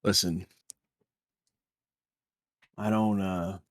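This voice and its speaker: A man's voice: sits low, steady tone, drawn-out words, no echo, studio quality, voice pushed down. A man voicing a wary, streetwise male smuggler who talks plainly and defensively. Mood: guarded.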